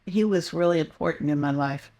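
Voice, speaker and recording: A woman's voice: deep voice, a little fast, warm tone. An older woman, a guest in a casual interview, telling meandering anecdotes with frequent fillers and restarts.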